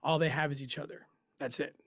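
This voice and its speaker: A man in an interview, telling a personal story in an emotional, halting way with pauses and restarts. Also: on the high side, fairly even intonation, a bit bright, no echo, clean studio sound. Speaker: interview guest, former undercover operative.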